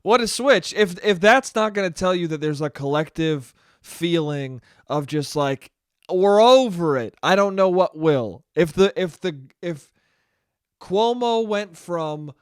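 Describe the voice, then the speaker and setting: A man's voice: fairly high pitch, lively intonation, unhurried, smooth, no room sound. A man hosting a casual comedic podcast monologue, talking in a rambling, profane, self-deprecating way into a close mic. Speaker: podcast host.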